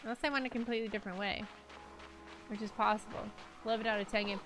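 A woman's voice: medium pitch, steady tone, fast, music in the background. A woman streaming a video game, chatty and giggly, talking to her viewers. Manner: chatty, giggly, talks to chat. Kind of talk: casual game livestream commentary.

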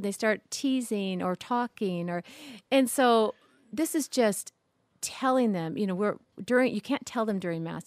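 Woman, mother, co-host, chatty, laughs often, mid pitch, dry recording. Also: no room sound. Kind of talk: casual conversation on parenting.

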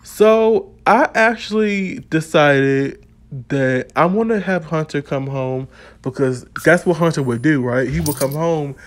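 A man narrates his life-simulation game in a relaxed, chatty way, telling it like a story. His voice sits a bit high for a man. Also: unhurried. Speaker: gaming channel host. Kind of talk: casual gameplay narration.

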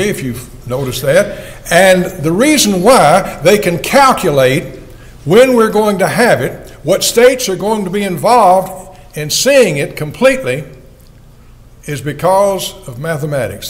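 A man's voice: sits high, very animated, measured pace, low-quality recording. An older man, an evangelist, preaching a sermon in an earnest, folksy way and asking his listeners questions.

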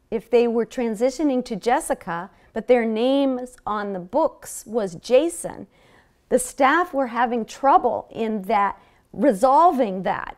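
At a public health seminar, a woman with a somewhat high, slightly mellow voice earnestly tells stories from her clinic work. She restarts her sentences often as she lectures.

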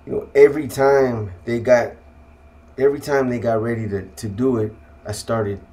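Quiet, slang-heavy man recounting his past. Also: medium pitch, fairly even intonation, normal speed. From California. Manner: street slang, frequent "man" and "you know what I mean"; quiet, subdued delivery with hushed asides. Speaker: guest telling his life story. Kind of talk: casual storytelling.

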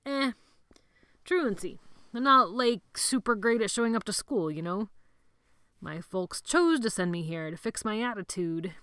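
A woman's voice: medium pitch, expressive, a little slow, a bit bright, clear, resonant tone, dry recording, studio quality. Give me a cocky joking teen boy, as a woman puts him on in a storybook reading. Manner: teasing, casual slang.

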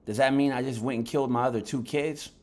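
A man's voice: medium pitch, steady tone, fast, a little mellow. A man fresh out of bed giving a heated, blunt vlog commentary on boxing, swearing freely as he rants. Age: adult. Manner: heated, blunt rant with profanity. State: just woken up, lower energy.

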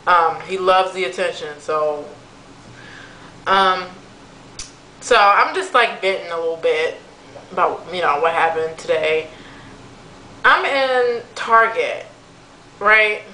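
Young woman ranting on her vlog, bright voice, roomy echo, lots of um and like. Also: on the low side, takes it slowly, long pauses, slight background noise. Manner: chatty and exasperated, many fillers. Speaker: vlogger. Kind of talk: casual venting vlog. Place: room at home.

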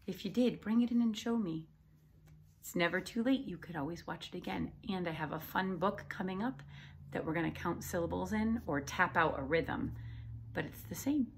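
A woman teacher giving a recorded lesson to young children, patient and encouraging, clapping out syllables and sometimes dropping to a soft whisper. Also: on the low side, slight background noise. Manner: slow, patient and encouraging, claps and taps out syllables.

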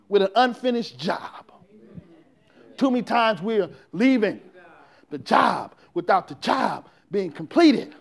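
High-voiced preacher, shouting call-and-response. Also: male voice. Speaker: pastor. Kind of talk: sermon.

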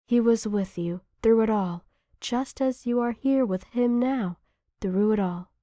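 A woman voicing a tender, grieving holy mother who comforts a weeping child, speaking softly and slowly. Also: a little high, no room sound, studio quality, natural voice. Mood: comforting.

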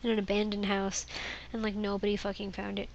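Sarcastic, gravelly-voiced woman playing a game. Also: medium pitch, monotone, fairly quick, muffled recording, slight background noise. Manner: sarcastic, swears freely, reads game dialogue aloud. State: sniffly from allergies. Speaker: let's play gamer. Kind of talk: casual game commentary. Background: game music.

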